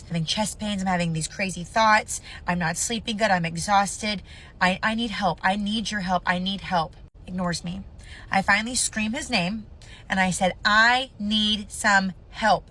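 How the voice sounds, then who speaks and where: A woman's voice: medium pitch, fairly bright tone. A woman in her thirties telling a painful personal story to camera, blunt, profane and impassioned.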